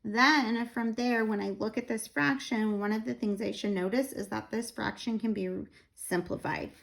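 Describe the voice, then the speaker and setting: A woman, tired and a little out of breath, slowly explaining a math lesson step by step with fillers. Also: a little high, vocal fry, fairly bright tone. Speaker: math teacher.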